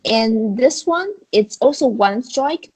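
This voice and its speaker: Woman Chinese teacher, slow and careful delivery, Chinese accent, patient explainer, online video-call lesson. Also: on the high side, animated, darkish tone, slightly rough, low-quality recording. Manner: patient, explains step by step with examples.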